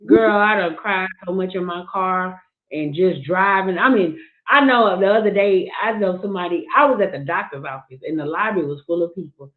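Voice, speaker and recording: A woman's voice: fairly low pitch, normal speed. A woman speaking earnestly and frankly in candid casual talk, often restarting her sentences. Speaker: livestream guest sharing her grief. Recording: tinny phone-like line.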